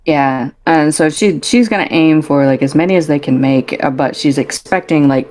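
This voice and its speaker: A woman with a very low voice plays a tabletop game, telling what her character does in the third person. She pauses with ums as she thinks. Faint noise sits under her voice-call mic. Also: a little mellow. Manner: explains in third person with many fillers. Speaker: player. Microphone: home mic over a voice call.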